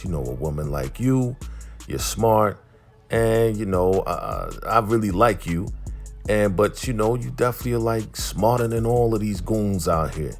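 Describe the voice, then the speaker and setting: Deep-voiced man recapping a TV episode. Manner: animated retelling, acts out characters' lines. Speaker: TV recap host.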